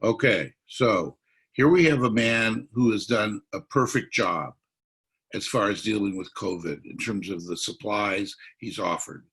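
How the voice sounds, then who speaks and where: A man's voice: fairly low pitch, measured pace, fairly bright tone, husky. A man speaking as a psychiatrist at a political forum, explaining his analysis.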